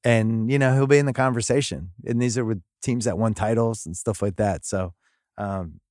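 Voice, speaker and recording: A man hosting a sports podcast, talking in a rambling, excitable way and breaking into laughs. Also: fairly low pitch, moderate pace, no echo, clean studio sound. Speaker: podcast host. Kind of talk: casual sports chat.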